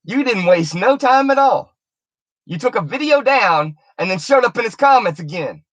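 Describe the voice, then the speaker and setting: A woman's voice: a little high, expressive, normal speed, no room sound. A woman delivering an angry, profane, confrontational rant on her video channel, taunting the person she is addressing. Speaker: YouTuber.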